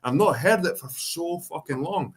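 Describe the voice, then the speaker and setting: A man's voice: on the high side, lively intonation, moderate pace, slightly rough. A man from England, ranting in a casual chat and swearing heavily. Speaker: podcast guest.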